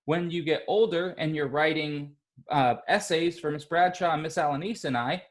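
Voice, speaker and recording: A male teacher leading an online class, speaking slowly and patiently and encouraging the children. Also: fairly high pitch. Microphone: computer mic on a video call.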